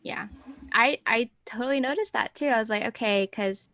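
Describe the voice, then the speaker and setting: A woman's voice: a little high, moderate pace. Chatty woman podcast co-host. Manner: talkative, animated, thinks aloud. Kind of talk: casual chat.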